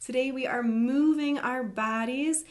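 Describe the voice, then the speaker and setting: Slow, gentle woman teaching yoga in an echoey room. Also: high voice. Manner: gentle, encouraging, playful. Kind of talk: live online yoga class instruction.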